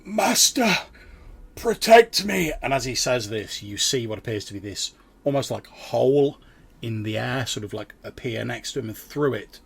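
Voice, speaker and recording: A man's voice: medium pitch, normal speed, creaky, breathy edge. A young man narrating a tabletop game as game master, casual and vivid, with lots of fillers.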